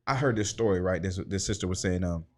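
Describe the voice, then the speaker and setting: A man hosting a casual talk show, telling stories in a slangy, animated way with lots of fillers. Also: deep voice, fast talker. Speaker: podcast host. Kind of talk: casual chat.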